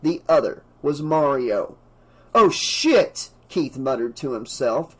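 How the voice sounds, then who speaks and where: A man's voice: a little slow, husky, rough recording. A man reading an unabridged horror novel aloud, narrating with dramatic expression and raising his voice for the characters. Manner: voices characters with raised pitch and louder shouts. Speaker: audiobook narrator.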